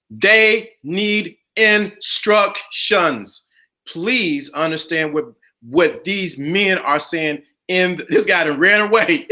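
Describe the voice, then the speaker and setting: A man's voice: fairly high pitch, pushed and bright. A middle-aged man hosting a casual chat, speaking emphatically and repeating his key points. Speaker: podcast host.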